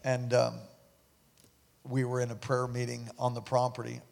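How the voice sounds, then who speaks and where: A pastor preaching and telling a story to his congregation during an offering, animated and breaking into loud exclamations. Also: medium pitch, moderate pace, gravelly. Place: large church sanctuary. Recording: echoey church hall with music. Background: instrumental music.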